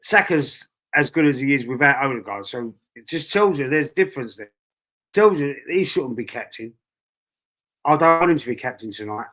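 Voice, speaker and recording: A man with a Cockney accent hosts a casual live stream, talking straight and unfiltered. He swears freely and circles back over the same point, his voice sitting in an ordinary middle pitch. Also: animated, moderate pace, a bit bright. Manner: blunt, swears, repeats himself. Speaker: football fan channel host.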